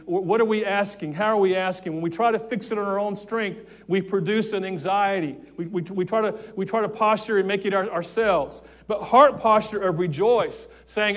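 High-pitched guy preaching in church, earnest, keeps restarting words, asks the congregation to say stuff back. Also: normal speed, hardly any pauses, fairly bright tone. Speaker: pastor. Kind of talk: sermon. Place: church sanctuary.

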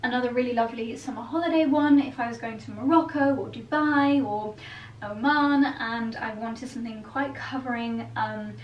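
A woman vlogger gushes through a clothing try-on, chatty and effusive, her voice sitting a touch high. She is picked up from across an echoey room, with a faint hiss underneath. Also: moderate pace, muffled recording. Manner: gushing, effusive praise; chatty and lightly laughing. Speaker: fashion vlogger. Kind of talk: try-on haul chat. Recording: roomy echo, distant mic, faint hiss.

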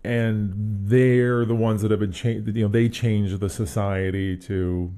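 A man's voice: lowish voice, steady tone, measured pace, dark tone. A man co-hosting a podcast, chatting casually about a tabletop adventure module and thinking aloud with frequent restarts. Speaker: podcast co-host. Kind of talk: casual tabletop game review chat.

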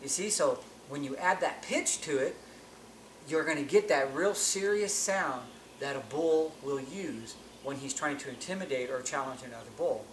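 Man, mid-pitched, plain-spoken instructor, echoey room tone. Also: moderate pace, fairly bright tone. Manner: plain-spoken, restarts phrases while explaining. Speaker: elk calling instructor. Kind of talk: hunting-call tutorial. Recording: echoey with faint ambient noise.

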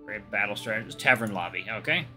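A man's voice: fairly low pitch, lively intonation, fast talker, sharp tone, soft background music. A man reading a visual novel aloud as a let's play host, with casual joking asides.

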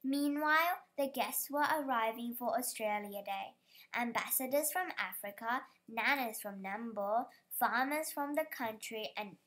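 A woman's voice: fairly high pitch, fairly bright tone. A woman reading a children's picture book aloud, careful and stumbling over some words. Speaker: storybook reader.

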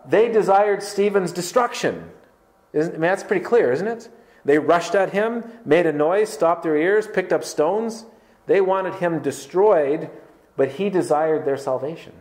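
A man's voice: a little high, darkish tone. A man preaching a sermon as pastor, emphatic and conversational, firing rhetorical questions at his congregation. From Canada. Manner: conversational with filler words.

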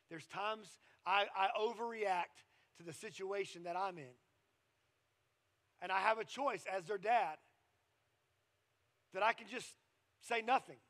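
A man, preaching a sermon in a conversational, storytelling way that often drops to quiet asides. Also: high voice. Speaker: pastor.

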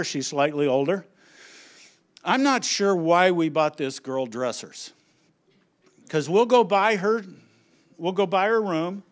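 A middle-aged man speaking on a conference stage, telling family stories as an animated storyteller who acts out his family's lines. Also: fairly high pitch. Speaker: conference speaker on children's ministry. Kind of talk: humorous presentation to an audience.

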